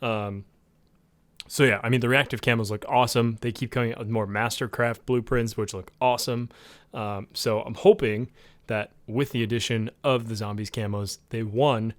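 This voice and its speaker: Man, podcast co-host, casual chat, rambling with fillers, average pitch, dry close sound. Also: normal speed, no echo. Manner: rambling, with many fillers and restarts; excitable about the game.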